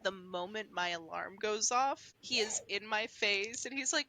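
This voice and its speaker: A woman's voice: mid-range voice, moderate pace, sharp tone, a little hiss or hum, rough recording. A woman chatting casually and upbeat about her pets.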